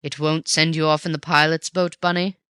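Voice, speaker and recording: A reader voicing a cool, mocking gentleman thief who talks low and forcefully, in an audiobook reading. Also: little pitch movement, a little fast, clear, resonant tone, no echo, clean studio sound, close to an everyday voice. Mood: wry. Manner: snarling and teasing by turns.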